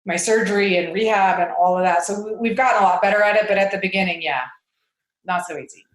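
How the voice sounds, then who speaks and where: A woman in her forties is a guest on a casual interview podcast, speaking quickly at a medium pitch. She talks hesitantly, with many fillers and frequent laughter, and the recording has a roomy echo.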